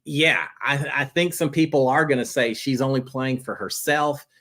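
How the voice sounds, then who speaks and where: A man hosting a live reality-TV chat show, answering viewer questions in a chatty, animated way. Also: medium pitch, moderate pace. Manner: chatty and animated, jumping between topics.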